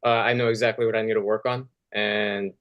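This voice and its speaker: Trainee guy, lowish voice, just agreeing, says bro. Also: little pitch movement, fairly quick, dull audio. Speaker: sales trainee. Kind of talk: casual reply.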